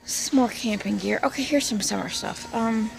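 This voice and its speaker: Chatty lady vlogger, real gravelly fry, kinda high voice, noisy store around her. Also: normal speed, music in the background. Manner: chatty, rambling, jokey asides. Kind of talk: casual store walkthrough vlog. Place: big retail store, indoors.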